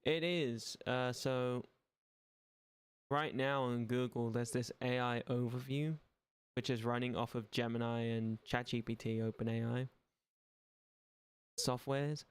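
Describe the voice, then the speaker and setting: A young man with an Irish accent talks loosely on a gaming stream. His voice is gravelly but smooth, with a flat, level delivery. He rambles through casual swearing and dry, sarcastic remarks. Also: medium pitch, a little slow, long pauses. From Ireland. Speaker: livestream gaming host. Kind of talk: casual live-stream chat.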